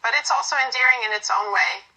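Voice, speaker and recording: Girl reading as a soft teasing young woman, fond and gentle, crisp bright tone. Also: fairly high pitch, fast talker, low-quality recording. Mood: gentle, reassuring.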